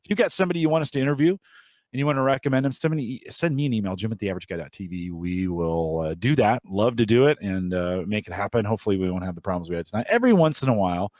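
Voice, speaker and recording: A man's voice: on the low side, animated, rapid-fire, a little mellow, no room sound. A man hosting a podcast in casual, rambling chat with frequent restarts. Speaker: podcast host.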